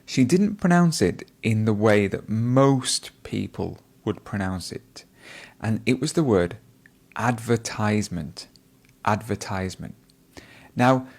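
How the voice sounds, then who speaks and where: Male IELTS tutor, lower voice, measured and evaluative, commentary on a candidate. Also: big pitch swings, vocal fry, darkish tone, slightly rough. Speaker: IELTS speaking teacher. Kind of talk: explaining test feedback.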